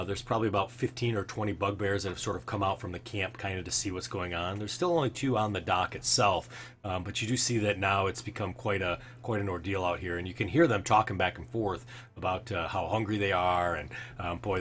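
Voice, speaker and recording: A man's voice: sits low, a bit bright. A man narrating as game master, rambling with many fillers. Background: faint background music.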